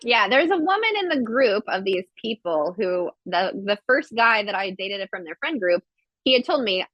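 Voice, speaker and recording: A woman guest on a podcast, telling a story in casual chat with lively quoted voices and blunt swearing. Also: mid-range voice, normal speed, no room sound, dull audio. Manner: animated storytelling, acts out quotes; swears freely.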